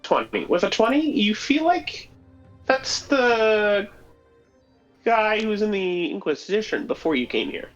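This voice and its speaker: A lively game master narrating a tabletop game. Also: medium pitch, measured pace, highs cut off, soft background music. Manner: lively, chatty narration with fillers.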